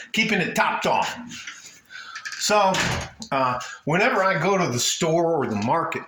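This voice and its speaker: A chatty man rambles through a casual vlog, filming on his phone outdoors beside his car. He swears freely and talks in loose tangents. The audio sounds roomy, with faint background hiss. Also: mid-range voice. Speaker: vlogger.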